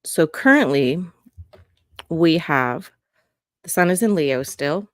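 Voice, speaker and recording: A woman's voice: sits low, expressive, slow, dry recording, studio quality. A woman hosting an astrology podcast, talking casually in a rambling, chatty way that keeps interrupting itself. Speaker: podcast host and astrology reader. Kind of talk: casual chat. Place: home recording on camera.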